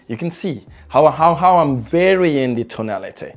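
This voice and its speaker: A man teaching sales techniques as a trainer, shifting his pace and loudness to stress points and repeating words for emphasis. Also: on the high side, lively intonation, moderate pace, hardly any pauses, faint music behind. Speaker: sales trainer and property investor. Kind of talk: motivational sales lesson.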